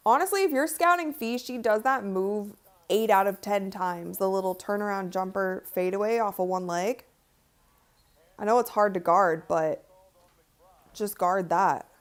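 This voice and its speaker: A woman's voice: medium pitch, a little slow. Woman, live-stream host, casual game commentary, chatty, giggly, talks to her chat. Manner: chatty, giggly, chats with viewers.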